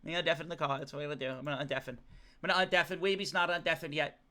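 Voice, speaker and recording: A man hosting a casual stream chat, rambling dramatically and acting out his chat in shouted voices. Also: fairly high pitch, fairly even intonation, rapid-fire. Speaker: streamer host.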